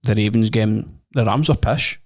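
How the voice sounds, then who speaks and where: A man's voice: fairly low pitch, normal speed. A young Scottish man co-hosting a podcast, chatting casually with dry humour and frequent "aye" and "mm-hmm". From Scotland. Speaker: podcast co-host. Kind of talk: casual chat.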